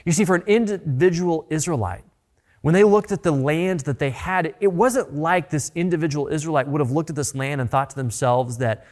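A man's voice: fairly high pitch, fairly quick, darkish tone. A man preaching a sermon in an earnest way, often repeating words as he builds a point. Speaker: pastor.

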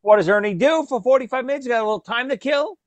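A man in a casual chat, excitedly chiming in with his own details of a shared story. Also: extremely high pitch, very fast. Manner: excited, chimes in, adds details.

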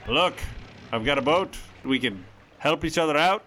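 A man voicing a grumpy old peg-legged male halfling fisherman, talking gruff and blunt. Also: a little high, lively intonation, normal speed, pushed and bright, a little hiss or hum, pitched above the performer's own voice.

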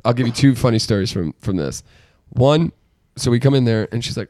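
A young man co-hosting a podcast, telling stories in an animated, profane way. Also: mid-range voice, a little fast, no room sound, studio quality. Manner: animated storyteller, profane, mimics voices. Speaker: podcast co-host. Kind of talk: casual chat.

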